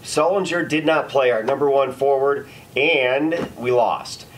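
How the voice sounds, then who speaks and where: A man co-hosting a casual sports debate, animated and argumentative, swearing freely as he makes his points. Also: medium pitch, unhurried, poor audio. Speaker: sports debate show host.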